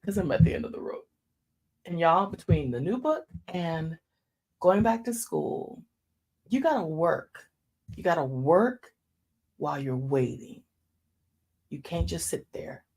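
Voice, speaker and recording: A woman in her fifties hosting a faith talk show, preaching in a casual, folksy way and dropping into hushed asides. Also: fairly low pitch, very animated, measured pace, long pauses, husky. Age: 50s.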